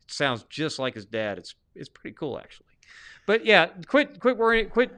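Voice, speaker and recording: A man's voice: high-pitched, normal speed, clear, resonant tone. A man with a Southern US accent, co-hosting a podcast in casual debate, talking emphatically with frequent restarts. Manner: emphatic, restarts often, lively swings in loudness. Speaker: podcast co-host.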